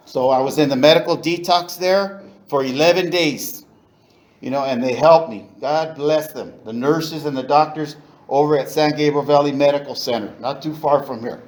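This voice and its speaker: Middle-aged man from East Los Angeles, slightly high voice, candid recovery-meeting storyteller. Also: moderate pace, a little mellow, rough recording. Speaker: AA meeting speaker.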